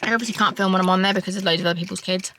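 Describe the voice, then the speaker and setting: A woman's voice: mid-range voice, steady tone, racing, noisy background. A woman in her thirties chatting frankly to camera at home, swearing freely as she talks. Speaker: vlogger. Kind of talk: casual chat. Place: family home, kitchen.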